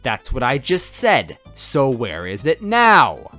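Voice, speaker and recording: A man's voice: mid-range voice, very animated, brisk, soft background music, lightly acted. A man voicing a tough, bossy young female goomba police officer who talks in a smug, demanding way.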